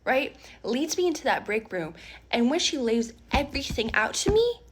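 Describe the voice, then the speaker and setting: A woman telling a workplace story in a storytime skit, animated, dropping to whispers and rising again. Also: sits high, moderate pace, husky. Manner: animated, switching between whispers and raised voices.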